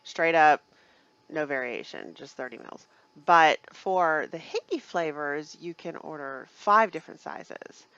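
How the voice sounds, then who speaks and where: A woman co-hosts a casual livestream, chatty and quick to laugh, often pausing and restarting her sentences. Her voice has a gravelly, fry-tinged edge, and the sound is dull and lo-fi. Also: low-pitched, expressive, pushed and bright, no echo. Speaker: livestream co-host, shop owner. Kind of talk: casual live chat.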